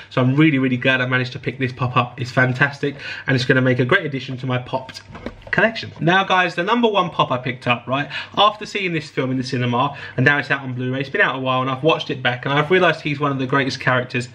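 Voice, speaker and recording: A man's voice: mid-range voice, bright, forceful tone. A man hosting his own channel, chatting enthusiastically to viewers as he unboxes a parcel. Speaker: host. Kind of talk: casual unboxing chat.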